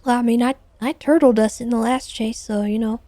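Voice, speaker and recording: Brief: twenties woman, mellow tone, easygoing rambling talk during a roleplay patrol. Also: a little high, fairly quick, no echo. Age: 20s. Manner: relaxed, rambling explanations with fillers. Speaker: streamer playing a police officer. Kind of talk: casual chat during roleplay.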